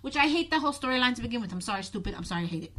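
A woman's voice: fairly high pitch, lively intonation, racing, sharp tone. A woman co-hosting a casual chat, blunt, sarcastic and often exasperated. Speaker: podcast co-host.

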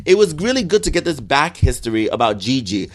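A man co-hosting a casual chat, gushing and animated, quick to act out characters in little bursts. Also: mid-range voice. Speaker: soap opera fan co-host.

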